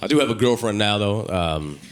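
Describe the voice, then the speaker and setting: A young man doing a stand-up comedy set on a club stage, brash and crude, rising into shouted rants, into a handheld mic. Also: lowish voice, lively intonation, a little fast, background noise.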